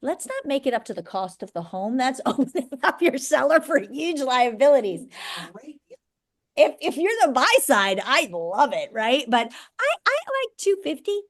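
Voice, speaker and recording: A middle-aged woman broker teaching a class of agents, blunt and brisk, often checking that everyone follows. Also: high-pitched, big pitch swings. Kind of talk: live training class.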